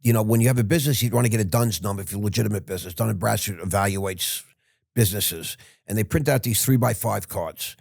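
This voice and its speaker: An older man, a podcast guest, telling stories in a rambling way with halting restarts. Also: on the low side, gravelly, darkish tone, no echo, clean studio sound. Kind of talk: casual storytelling.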